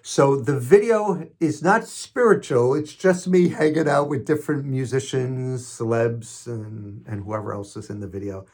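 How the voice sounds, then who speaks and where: A husky-voiced man in his sixties with a Queens New York accent delivers an inspirational podcast talk. He hits key words hard when reading affirmations, then slips into chatty, self-deprecating asides. His pitch sits in a middling range. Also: unhurried, hardly any pauses, darkish tone. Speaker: podcast host.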